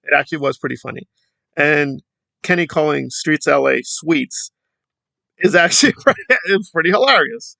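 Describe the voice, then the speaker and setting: A man's voice: fairly high pitch, moderate pace, vocal fry, bright, forceful tone, no echo. A man giving a sarcastic, mocking commentary in a conversational, unscripted way. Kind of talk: commentary vlog.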